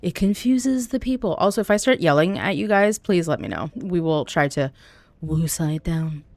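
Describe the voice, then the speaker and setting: A woman's voice: deep voice, normal speed, dry recording. A woman streaming a game live, chatting candidly and jokingly with her viewers as she plays. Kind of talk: casual chat while playing live.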